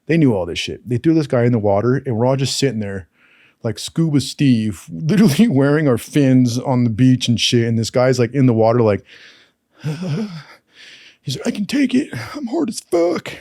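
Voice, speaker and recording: A man spins loose, profanity-laced anecdotes in a casual storytelling voice, and he keeps slipping into quick impressions of the people in them. His voice is dry and close, with no room sound around it. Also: mid-range voice, lively intonation, warm tone, dry recording. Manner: profane, rambling anecdotes with acted quotes.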